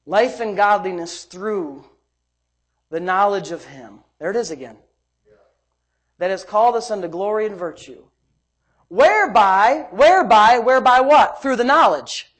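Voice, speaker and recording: A woman preacher delivers a lively sermon in a fairly high voice. She swings from bold, loud emphasis to soft, hushed asides, and breaks into laughter as she tells homey family stories. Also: husky.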